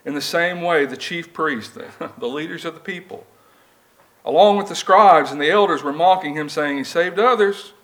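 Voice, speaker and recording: A man with a drawl preaches in a church, slightly high-voiced and earnest. He moves between reading scripture aloud and talking plainly to the congregation. His delivery is conversational, built on rhetorical questions. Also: moderate pace, a bit bright. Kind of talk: sermon. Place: church building.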